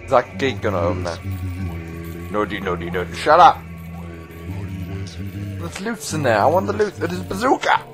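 A man playing through a video game and commenting casually, excitable, yelling at enemies and laughing. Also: on the low side, brisk, over music. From United Kingdom. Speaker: let's play gamer.

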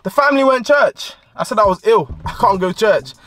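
A man's voice: brisk, no echo. A young man with a London accent, telling a funny personal story to camera and switching into voices for the people he quotes. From United Kingdom. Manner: animated, voices quoted people with big pitch jumps. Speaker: storytime vlogger. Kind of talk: comic storytelling.

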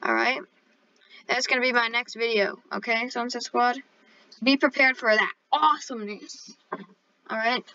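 A playful woman hosting a casual gaming video, joking and plugging her channel. Her voice is high and bright. The recording is dull and lo-fi. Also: moderate pace, long pauses, dry recording. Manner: playful, joking, self-promoting. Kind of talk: casual gameplay chat.

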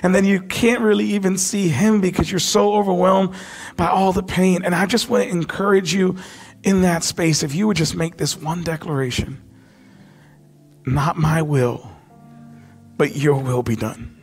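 A man preaching a sermon as pastor, impassioned, dropping to a hush when he quotes. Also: sits high, fairly even intonation, moderate pace, faint music behind. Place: church sanctuary.

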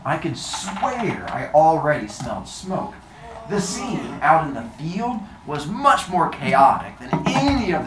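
A woman's voice: low-pitched, noisy background. A woman teacher with the hiccups, reading a novel aloud to her class in a chatty, plain way. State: has the hiccups. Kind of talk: classroom read-aloud and discussion. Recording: echoey classroom with children's chatter.

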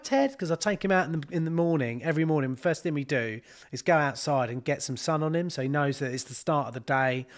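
A man, a plumber chatting casually on a live stream, rambling and swearing freely. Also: on the high side. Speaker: plumber and channel host.

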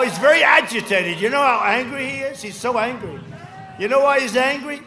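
A man's voice: animated, a little fast, noisy background. Rambling older man at an echoey rally. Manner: rambling, repetitive, swings from loud shouts to low asides. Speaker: politician speaking at a rally. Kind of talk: rally speech. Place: large outdoor rally. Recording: echoey outdoor rally with crowd ambience.

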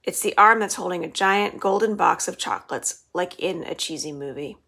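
A woman's voice: fairly low pitch, moderate pace, vocal fry. A woman librarian reading the first chapter of a children's novel aloud, telling it expressively. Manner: expressive storytelling.

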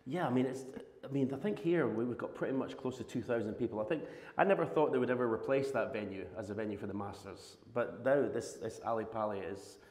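A man's voice: medium pitch, quick pace, few pauses, darkish tone. A Scottish man in his fifties, a former snooker champion, telling rambling stories with restarts and laughs on a live podcast stage. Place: large arena in front of an audience. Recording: echoey live venue with long reverb.

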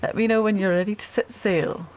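A woman voicing a jolly male turtle sea captain, reading his game lines aloud in a slow, halting, sing-song way. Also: medium pitch, steady tone, a little mellow, natural voice.

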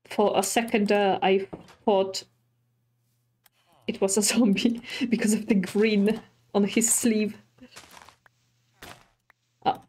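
Slow-talking woman narrating her gameplay. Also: mid-range voice, flat delivery, a little mellow, breathy edge. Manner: chatty, easily startled, talks to animals and villagers. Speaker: streamer. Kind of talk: casual gameplay commentary.

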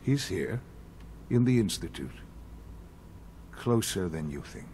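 An actor playing a calm, composed elderly man who leads a secret institute in a video game, speaking in a measured, explanatory way. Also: sits low, a little hiss or hum. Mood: solemn. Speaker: game character.

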